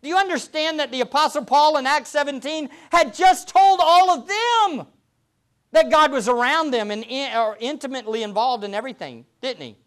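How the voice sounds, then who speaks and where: A man preaching a sermon as pastor, earnest and slowing down to stress quoted verses, often asking the listeners rhetorical questions. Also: very high-pitched, a bit bright. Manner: asks the congregation rhetorical questions.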